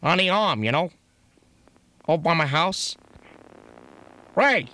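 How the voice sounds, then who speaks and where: A man's voice: a little high, lively intonation, takes it slowly, sharp tone, a little hiss or hum. A man making a prank phone call, talking crudely and rambling, full of profanity and chuckles. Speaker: prank caller.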